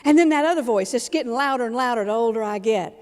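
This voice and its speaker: A woman in her fifties giving a humorous storytelling keynote as a motivational speaker, told in an animated comic way. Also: fairly high pitch, fast. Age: 50s. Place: large event hall. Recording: long hall reverb from a live keynote.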